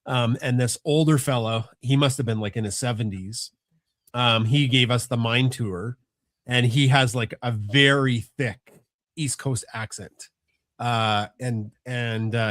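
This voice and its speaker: A man's voice: mid-range voice, fairly even intonation, measured pace, a bit bright, no echo, studio quality. A middle-aged man, chatting casually on a family podcast, rambling and restarting often. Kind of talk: casual chat.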